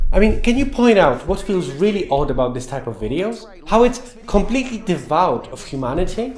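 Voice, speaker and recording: A man in his thirties delivers a sarcastic commentary monologue full of mocking rhetorical questions. His voice sits high and swings widely in pitch. He sounds like he is in an echoey room, with music playing softly behind him. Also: big pitch swings, fairly quick, hardly any pauses. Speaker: commentary YouTuber.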